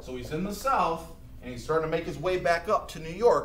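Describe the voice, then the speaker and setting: A man teaching high school history in a casual, chatty lecture, acting out historical figures as he goes. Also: expressive, a little fast, few pauses, fairly bright tone, a little hiss or hum. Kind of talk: recorded classroom lecture. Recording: echoey room recording.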